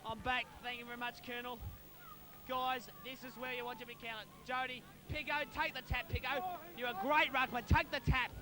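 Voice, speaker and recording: High-voiced bloke calling local footy outdoors, cheering his team on and yelling at players, amateur video with traffic noise. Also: fairly even intonation, brisk. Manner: partisan, shouts encouragement to players. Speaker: club commentator. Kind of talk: amateur football commentary. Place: outdoors at a suburban football ground.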